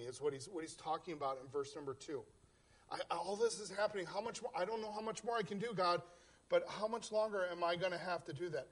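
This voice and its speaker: A man's voice: sits high, quick pace. A man preaching a sermon in church, earnest, often stumbling and repeating words as he voices heartfelt prayers aloud. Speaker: pastor. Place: church in South Central Pennsylvania.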